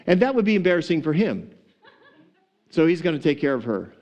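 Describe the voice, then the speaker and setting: A man's voice: fairly high pitch, big pitch swings, moderate pace, a little mellow. A pastor preaching a sermon to his church, retelling a parable with humor, laughing often and acting out the characters. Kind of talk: sermon storytelling.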